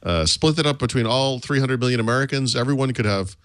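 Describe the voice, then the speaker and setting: A man's voice: mid-range voice, fast talker, no echo. A man co-hosting a tech podcast in casual chat, with a wry, sardonic manner. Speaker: podcast co-host.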